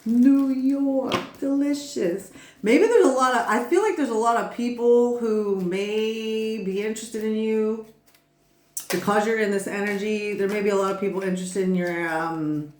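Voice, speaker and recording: A woman's voice: mid-range voice, normal speed, roomy sound, slight background noise. A woman giving a casual tarot reading who rambles, laughs often and swears freely. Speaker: tarot reader.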